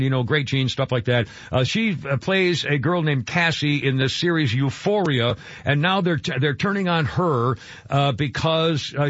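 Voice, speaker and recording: An older male talk radio host with a fairly high voice. He rambles and stops to restart his sentences, full of fillers. The sound is dry and a little dull, like a radio studio. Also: fairly bright tone, no room sound.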